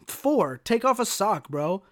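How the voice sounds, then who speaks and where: Young male podcast host, brash solo rant, slightly high voice, heavy swearing and slang. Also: slow pace. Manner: profane, animated, slangy ("bro", "dude"). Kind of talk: casual solo storytelling rant.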